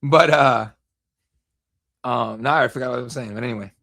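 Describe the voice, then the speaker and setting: A young man hosting a live fight watch-along stream, rambling, excitable and profane in casual commentary. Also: mid-range voice, moderate pace, gravelly. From United States.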